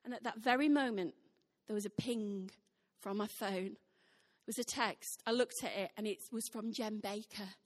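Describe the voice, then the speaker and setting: A woman's voice: medium pitch, moderate pace. A woman preaching a sermon in a church hall, emphatic and fond of repeating her exhortations. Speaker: church speaker.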